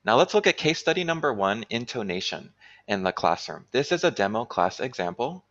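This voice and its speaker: A man presenting an online workshop for teachers, explaining clearly and checking in with "right?" often. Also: mid-range voice, very animated, fairly quick, a bit bright, muffled recording. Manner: clear instructional talk with frequent "right?". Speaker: teacher trainer.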